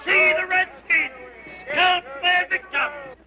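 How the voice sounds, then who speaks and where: Shouting sideshow caller; slow, crowd behind, dull old sound. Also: male voice, very high voice, steady tone, over music. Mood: excited.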